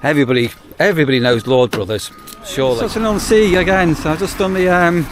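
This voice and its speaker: A man's voice: on the high side, fast talker, noisy background. Chatty man rambling on the go. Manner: rambling, chatty, wry asides. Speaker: campsite warden. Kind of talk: casual vlog chat. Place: on the move, outdoors and in a car.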